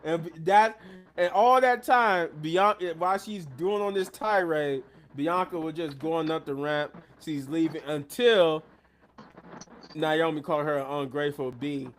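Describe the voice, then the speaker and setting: Guy hosting a live stream, slightly high voice, retells stuff all animated. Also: measured pace, soft background music. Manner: animated retelling, acting out quotes. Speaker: live show host. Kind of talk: casual wrestling recap.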